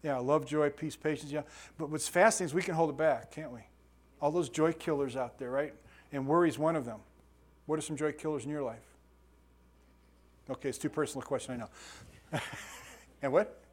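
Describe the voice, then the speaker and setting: A middle-aged man leads a bible study as pastor, his voice sitting a little high for a man. He teaches in an easygoing, conversational way, cracking small jokes and tossing questions to the small group in the room. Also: normal speed, pauses often, slightly rough. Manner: conversational, jokey, asks the audience questions.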